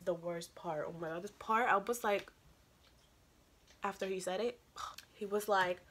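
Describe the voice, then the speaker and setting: A young woman vlogger telling a story in casual chat, chatty and animated, acting out the lines she quotes. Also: mid-range voice, unhurried, background noise.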